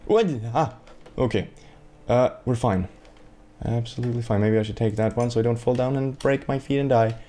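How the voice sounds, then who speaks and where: A man's voice: mid-range voice, normal speed, dark tone. Sarcastic, swearing man gaming. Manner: sarcastic, rambling talk to himself with frequent swearing. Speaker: let's play gamer. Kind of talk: gameplay commentary.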